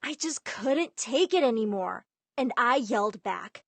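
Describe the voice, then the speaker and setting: A young woman narrating an animated story in a lively, emphatic way. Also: on the high side, a little slow, vocal fry, no echo.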